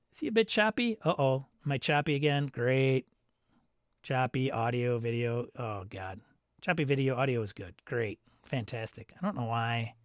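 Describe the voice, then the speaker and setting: A man's voice: medium pitch, normal speed, no echo, studio quality. A man hosting a live game stream, reading viewer comments aloud and chatting in a loose, self-interrupting way. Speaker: stream host.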